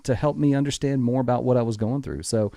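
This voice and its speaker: Man, musician guest, lively storyteller who voices the people in his tales; mid-range voice, close and dry. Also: medium pitch, fast talker, creaky, dry recording. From Texas. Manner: animated storyteller who acts out dialogue. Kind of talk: casual storytelling interview.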